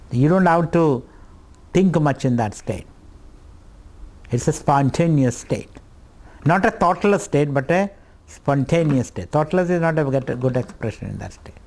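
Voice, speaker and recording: A middle-aged man teaching scripture at a retreat, speaking slowly and contemplatively, repeating phrases and drawing out Sanskrit words. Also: a little high, mellow. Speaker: spiritual teacher.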